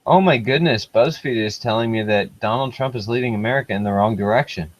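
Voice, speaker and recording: A man's voice: medium pitch, fairly quick, dry recording, rough recording. A man joining a casual chat as a guest over an online call, hesitant and often asking to hear things again. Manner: hesitant, restarts, asks to repeat.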